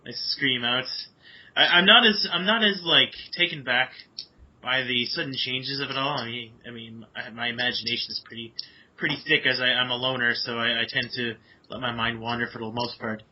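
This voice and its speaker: A man's voice: medium pitch, steady tone, fairly quick. A man playing in a storytelling game, describing what his character does in a rambling, self-correcting way. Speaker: player. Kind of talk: casual in-game talk. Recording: dull lo-fi audio.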